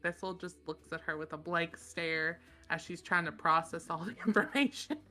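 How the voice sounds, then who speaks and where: A woman's voice: on the low side, normal speed, sharp tone, faint music behind. A woman playing a tabletop game, loosely describing her character's actions. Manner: loose, rambling narration. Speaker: player.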